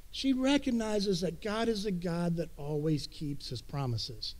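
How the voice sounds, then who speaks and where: A man preaching a sermon in a relaxed, conversational way, retelling scripture in everyday words. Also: high-pitched, measured pace, hardly any pauses. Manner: conversational, paraphrases scripture in casual speech. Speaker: pastor.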